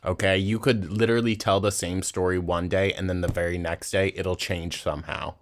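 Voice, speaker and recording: A man's voice: low voice, fairly even intonation, a little fast, slight background noise. A man hosting a reaction video, mocking and swearing in a sarcastic, casual way. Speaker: reaction channel host.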